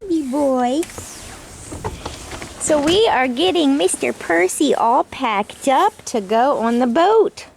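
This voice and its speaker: A woman's voice: high-pitched, animated, a little slow, gravelly, few pauses, a little hiss or hum. A woman vlogging outdoors by a boat, chatting and cooing baby talk to her pet. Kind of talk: casual vlog chat. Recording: vlog with background music.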